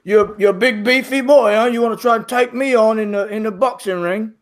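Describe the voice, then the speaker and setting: A man voicing a rough, intimidating male half-orc boxer in a tabletop game, gruff and taunting. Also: high voice, steady tone, fairly quick, voice pushed up.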